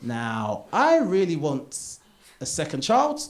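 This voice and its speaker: A man's voice: a little high, wildly swooping pitch, takes it slowly. British man telling stories on stage. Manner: chatty, confessional, builds to loud punchlines. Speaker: stand-up comedian. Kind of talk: live stand-up storytelling. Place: theatre stage.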